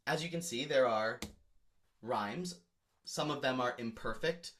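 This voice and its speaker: A man's voice: medium pitch, moderate pace, fairly bright tone. A man, a music educator, explaining song lyrics in a lecture with emphatic examples.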